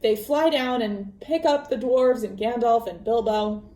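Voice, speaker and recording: A woman hosts a podcast, recapping a book's story in a casual, chatty, rambling way full of fillers. Her voice is fairly high, mellow and a little slow, recorded with a roomy echo.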